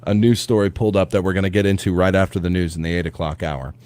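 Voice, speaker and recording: Rambling radio host, low voice. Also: male voice, fast. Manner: rambling, animated storytelling with many restarts. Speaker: morning radio show host. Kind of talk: casual radio chat. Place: radio studio.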